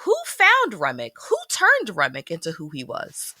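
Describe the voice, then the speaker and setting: A woman's voice: low-pitched, moderate pace, no room sound, studio quality. A woman from Philadelphia co-hosting a podcast, chatting casually and expressively about a film she reviews. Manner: animated, expressive, teasing. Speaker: podcast co-host.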